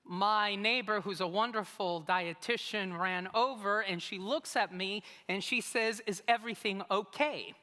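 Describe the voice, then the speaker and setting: In a reverberant church hall, a pastor tells a personal story during his sermon, adding humorous, self-mocking asides. His high voice is pushed and bright, a little slow, with few pauses.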